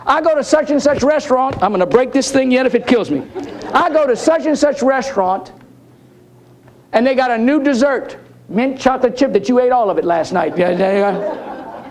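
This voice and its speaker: Man, keynote speaker, high voice, animated joking storyteller. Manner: animated, jokey, talks straight to the audience. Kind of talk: storytelling conference talk. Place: conference hall.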